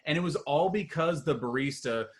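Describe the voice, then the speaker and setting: A man doing a stand-up set over a video call, rambling with restarts and chuckling at his own jokes. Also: fairly high pitch. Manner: rambling, halting delivery with many restarts and chuckles. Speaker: stand-up comedian.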